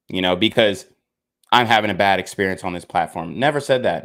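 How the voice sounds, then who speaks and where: A man's voice: lowish voice, animated, normal speed, fairly bright tone. Frustrated young man ranting to camera. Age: young adult. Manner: frustrated, emphatic, repeats himself, swears. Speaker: content creator. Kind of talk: casual rant to camera.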